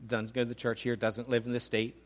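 In a mid-range, monotone voice that runs a little fast, a middle-aged man gives a conversational sermon as a pastor. He keeps restarting his sentences and teasing himself.

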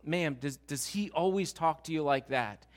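A man voicing a calm, polite traffic officer speaking in a matter-of-fact way. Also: a little high, normal speed, close to an everyday voice.

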